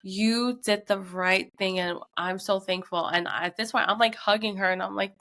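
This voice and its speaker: A woman's voice: mid-range voice, fairly even intonation, normal speed, hardly any pauses, fairly bright tone. A young woman co-hosting a podcast, emotionally retelling a tense story with lots of fillers. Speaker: podcast co-host. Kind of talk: casual storytelling.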